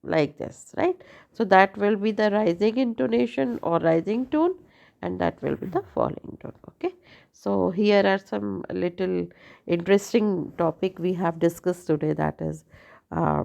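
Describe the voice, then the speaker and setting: A woman teaching an English grammar lesson, speaking deliberately and often checking in with the listener. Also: fairly low pitch, gravelly, dark tone, highs cut off.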